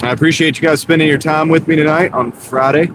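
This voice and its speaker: A man's voice: a little high, steady tone, fast talker. A man from North Carolina chatting casually to his livestream viewers while driving, laid-back and full of "dude". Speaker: delivery driver and livestreamer. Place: inside a moving car. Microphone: wireless clip-on mic. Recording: car road noise behind.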